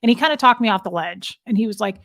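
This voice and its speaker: A woman speaks as a guest in a conversational interview, recounting her story candidly and emotionally. She often halts and restarts her sentences. Her voice sits in a mid pitch and sounds dry, with no room echo. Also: fast, fairly bright tone.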